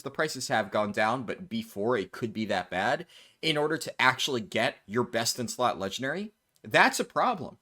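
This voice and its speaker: A man's voice: medium pitch, fairly bright tone. A man with a mid-range voice reads out forum posts and answers them with blunt, sarcastic commentary. He talks like a gaming video host speaking straight to his viewers.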